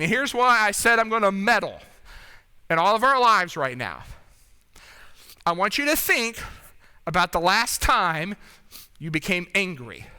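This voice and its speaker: A man preaching with a very high, very bright voice that is smooth and clear. He talks conversationally and keeps checking in with his congregation. A long reverb trails behind him in a church hall. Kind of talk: sermon. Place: church sanctuary.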